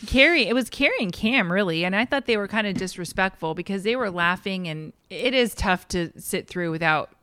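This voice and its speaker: A woman's voice: medium pitch, lively intonation, fairly quick, few pauses, bright, forceful tone, no echo. A woman co-hosting a casual chat about a reality show, making wry conversational asides. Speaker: podcast co-host.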